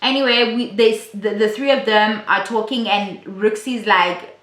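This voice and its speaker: A woman's voice: mid-range voice, fairly even intonation, moderate pace, fairly bright tone. A woman giving a chatty, blunt and profane casual recap of a reality show. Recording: roomy echo.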